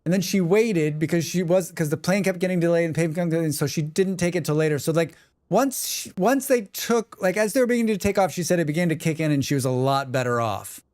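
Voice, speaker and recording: A man chatting casually on a gaming livestream, excitable and swearing freely while he talks to his viewers. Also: fairly high pitch, fast talker, no echo, clean studio sound.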